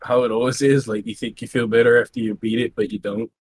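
A man's voice: mid-range voice, flat delivery, quick pace, husky. A young man from Hawaii co-hosting a casual podcast, laid-back, swearing and hedging with "like" and "I don't know". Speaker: podcast co-host.

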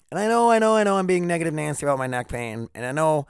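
A man talks through a casual solo podcast in a slightly high voice. He rambles, swears freely and cracks jokes while sore from a recent neck surgery. The sound is dry and close, with no room echo. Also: big pitch swings, fast talker, hardly any pauses, fairly bright tone, clean tone. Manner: rambling, profane, joking. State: in pain after neck surgery, wearing a neck brace. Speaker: podcast host.

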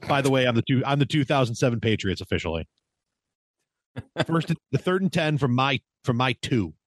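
Sarcastic man with a lively pitch. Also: fairly quick, dry recording, studio quality. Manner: sarcastic, profane tirades. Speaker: podcast co-host. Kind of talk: casual sports chat.

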